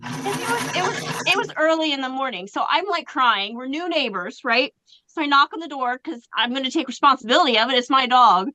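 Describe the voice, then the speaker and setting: A woman in her forties on a video call, telling a home story in an animated way and acting out what people said. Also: high-pitched, fairly quick, rough recording. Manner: animated storyteller, acts out quotes. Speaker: livestream guest. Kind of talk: casual storytelling.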